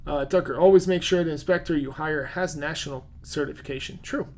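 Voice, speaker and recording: A man's voice: a little high, fairly quick, darkish tone. A man with a non-native English accent, a real estate agent hosting a casual live-stream Q&A, chatty and full of fillers as he answers viewer comments.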